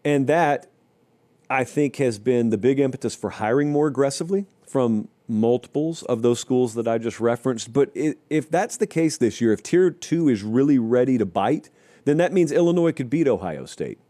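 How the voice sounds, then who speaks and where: A man in mid-range pitch delivers solo college football commentary. His voice sits on the warm, dark side, and he talks emphatically, turning wry and mocking now and then. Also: normal speed. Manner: emphatic, rising to animated stretches when running through schedules. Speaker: host of a college football show. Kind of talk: solo sports talk commentary.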